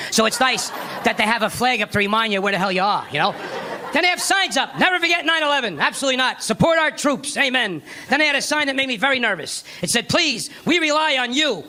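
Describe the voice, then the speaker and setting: A man's voice: high voice, sharp tone. A middle-aged man doing a brash, conversational stand-up routine on stage, often asking the audience "right?". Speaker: stand-up comedian. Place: comedy stage before a live audience. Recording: live stage mic with crowd.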